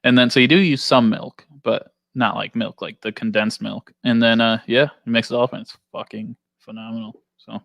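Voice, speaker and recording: A man with a gravelly, creaky voice chats loosely on a podcast, swearing freely and filling his sentences with "like." The mic is close and the sound dry, with no echo. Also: mid-range voice, fairly even intonation, brisk, few pauses, a bit bright. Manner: loose, profane, laughing, with lots of fillers. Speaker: podcast co-host. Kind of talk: casual chat.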